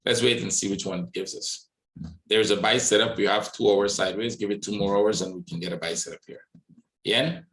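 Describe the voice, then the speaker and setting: A man hosting a trading webinar, walking through charts live and thinking aloud, often checking in with a quick "right?". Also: lowish voice, fairly even intonation, a bit bright, echoey room, low-quality recording. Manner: thinks aloud, many "right?" tag questions. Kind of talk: live market analysis walkthrough.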